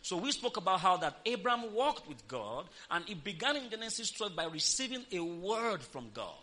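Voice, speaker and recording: A man's voice: sits high, big pitch swings, moderate pace, pushed and bright. A man preaching a sermon, emphatic and calling on the congregation to answer back. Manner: emphatic, calls for congregation responses.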